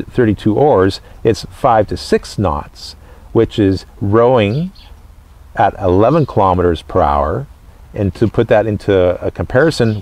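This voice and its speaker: Low-voiced man explaining step by step. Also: dry recording. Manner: explanatory, steady, pausing between short phrases. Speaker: living history presenter. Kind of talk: casual educational talk.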